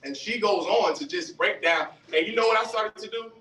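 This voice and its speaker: A man giving a fiery street-style religious lecture, animated, questioning the audience and acting out voices. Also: sits high, fairly quick. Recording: roomy, distant mic, faint hiss.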